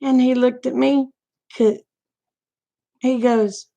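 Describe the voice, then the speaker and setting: A woman's voice: high-pitched, steady tone, slow, creaky, pauses often, warm tone. A middle-aged woman, chatting frankly and folksily to her viewers, laughing often. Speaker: vlogger. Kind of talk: casual livestream chat.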